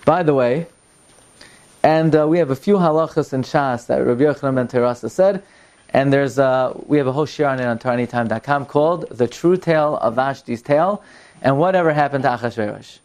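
A man telling a Torah story in a lesson. He reads lines of Hebrew text, translates them into English and sprinkles Yiddish words into his retelling. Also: fairly quick. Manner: animated, climbs in pitch and volume as the story builds. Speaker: Torah teacher.

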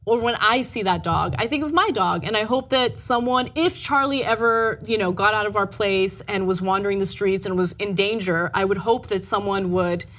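A woman's voice: medium pitch, moderate pace, few pauses, fairly bright tone. A woman chatting casually on a podcast, earnest and emotional, often agreeing with her co-host.

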